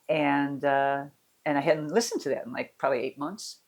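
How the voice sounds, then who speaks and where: A woman's voice: low-pitched, a little fast. Middle-aged female coach, casual and candid, meandering personal talk. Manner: candid, rambling, with restarts and soft laughs. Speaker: mental fitness coach.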